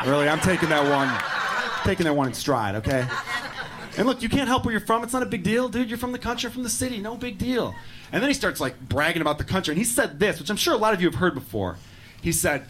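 A man's voice: high-pitched, very animated, quick pace, a bit bright, slight background noise. A man doing a stand-up set on a club stage, with brash, profane, mock-outraged rants. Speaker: stand-up comedian.

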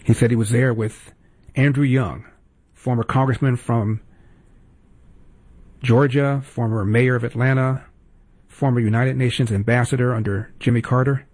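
A man's voice: medium pitch, steady tone, normal speed, long pauses, a little mellow. A man hosting a political commentary show, talking in a sarcastic, indignant way. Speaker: host.

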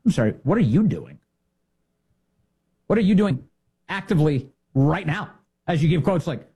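A man's voice: fairly high pitch, very animated, normal speed, long pauses, mellow, breathy edge. A man giving opinionated political commentary in a sarcastic, indignant way. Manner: sarcastic, indignant, mocking impressions.

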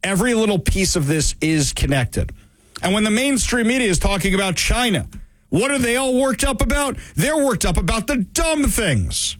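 A man's voice: high voice, expressive, moderate pace, fairly bright tone, no room sound. A man hosting a political commentary show, delivering an emphatic opinion monologue full of rhetorical questions. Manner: emphatic, rhetorical questions, mocking quoted voices.

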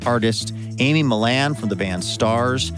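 A man hosting a radio show, reading scripted announcements in a smooth, even way. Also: mid-range voice, unhurried. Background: music bed under the voice.

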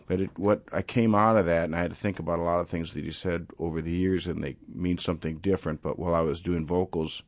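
A man musician talking casually in an interview, reflective and rambling, thinking out loud about his playing and singing. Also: sits low, no echo. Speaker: musician guest.

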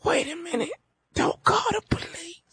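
A man's voice: very high voice, lively intonation, normal speed, pushed and bright, heavily acted. A man putting on a sobbing whispering man in a closet. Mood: desperate pleading. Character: terrified grown man hiding in a closet. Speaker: prank caller.

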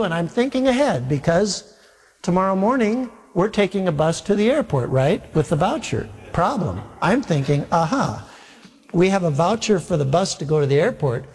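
A male pastor telling a humorous, self-deprecating story in a sermon, with lively acted-out quotes. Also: a little high. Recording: long hall reverb.

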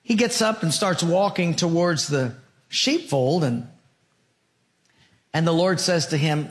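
A man pastor telling a parable in a sermon, earnest, dropping soft and low at his key points. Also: slow pace, long pauses. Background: soft guitar music.

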